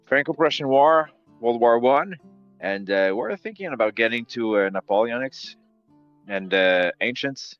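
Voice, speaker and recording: A man's voice: mid-range voice, lively intonation, measured pace, no echo. A young man with a French-Canadian accent, a guest on a live stream, chatting casually with many ums and restarts. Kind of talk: casual chat. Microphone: home computer mic on a live stream call. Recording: dull lo-fi mic with music behind.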